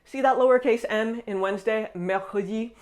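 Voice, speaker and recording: A woman's voice: a little high, normal speed. A woman giving a casual, upbeat video lesson as a French teacher, counting down tips with frequent "all right".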